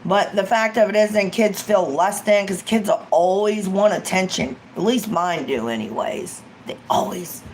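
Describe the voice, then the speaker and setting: A woman's voice: mid-range voice, normal speed, few pauses, slight background noise, poor audio. A woman, an ASMR vlogger, chatting casually and rambling on a live stream, acting out quoted lines as she goes.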